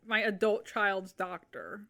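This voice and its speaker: A woman's voice: medium pitch, fairly even intonation, slow, vocal fry. A woman co-hosting a podcast in casual recap chat, recounting events bluntly and laughing often. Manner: bright, blunt storytelling with frequent laughs. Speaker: podcast co-host.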